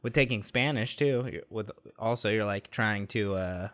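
A man's voice: fairly low pitch, moderate pace, fairly bright tone. A man co-hosting a comedy podcast, wry and skeptical, laughing often during casual banter. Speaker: podcast co-host.

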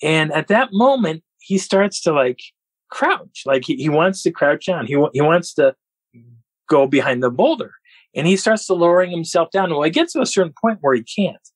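Husky-voiced man telling a story. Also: on the high side, normal speed, no echo, low-quality recording. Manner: animated, laughs often. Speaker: podcast guest. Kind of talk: storytelling an encounter.

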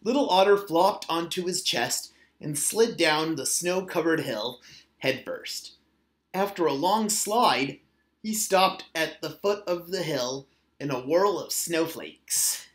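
Male reader, children's book read-aloud, steady and plain; roomy echo. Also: fairly high pitch, takes it slowly. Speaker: storybook reader.

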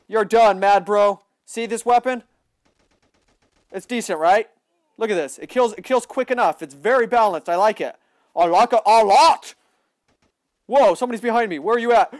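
High-voiced young man raging over a game. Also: no room sound, studio quality. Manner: excitable, yelling and raging at opponents. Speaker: livestreaming gamer. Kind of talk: live gameplay commentary.

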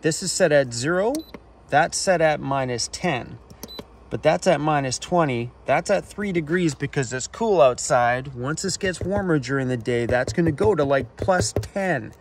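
A man's voice: a little high, unhurried, slight background noise. Fired-up man ranting in his van. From Canada. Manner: animated, acts out both sides of phone calls. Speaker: van life vlogger. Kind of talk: casual ranting vlog. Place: inside a camper van.

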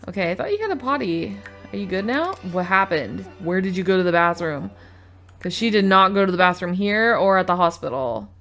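A woman's voice: on the low side, animated, brisk. A woman casually commenting as she plays a life-simulation game, chatting to and scolding her game characters. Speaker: gaming video host. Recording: game music loud under voice. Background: game music and baby cries.

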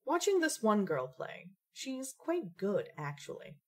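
A woman's voice: mid-range voice, huge pitch swings, a little slow. Woman playing an arch witty young gamer. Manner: arch, dry, elaborate wordplay. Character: aloof witty young woman, gaming prodigy.

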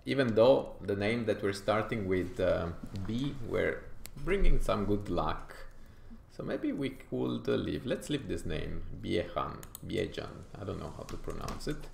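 Low, gravelly Italian man. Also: animated, darkish tone, roomy sound, a little hiss or hum. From Italy. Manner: thinking aloud, halting, with frequent fillers. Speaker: gaming YouTuber. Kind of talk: strategy game commentary.

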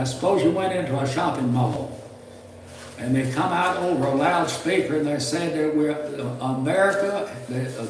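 Male preacher, folksy storyteller, slightly high voice, roomy distant sound. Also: a little mellow. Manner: folksy, storytelling, repeats words. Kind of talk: sermon lecture. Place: church hall. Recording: echoey hall mic from a distance, faint noise.

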